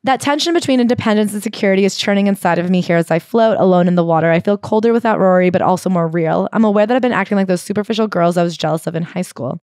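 A woman's voice: medium pitch, rapid-fire, few pauses, darkish tone, no room sound. A woman co-hosting a comedy book podcast, recapping a memoir with sarcastic asides and dry read-aloud passages. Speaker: podcast co-host.

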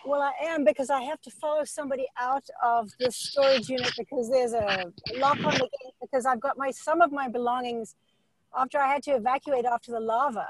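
A woman's voice: sits high, brisk, noisy background. A woman with a South African accent, a student joining a webinar by video call from her car, talking in a chatty, rambling way. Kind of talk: casual chat.

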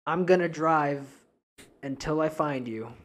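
Profane young New man, fairly high voice. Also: measured pace. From New Hampshire. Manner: profane, rambling, laughs often. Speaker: podcast co-host. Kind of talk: casual podcast chat.

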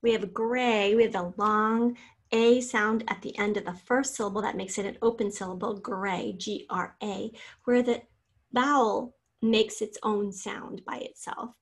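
Husky-voiced woman teaching spelling. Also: mid-range voice, fairly even intonation. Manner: spells out letters slowly and clearly, patient and encouraging. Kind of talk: recorded spelling lesson over slides.

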